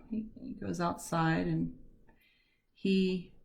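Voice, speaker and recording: A woman art teacher leads a step-by-step painting lesson from home. Her voice sits low with a gravelly fry. She talks in a chatty, self-deprecating way and slips in corny jokes. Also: steady tone, a little slow.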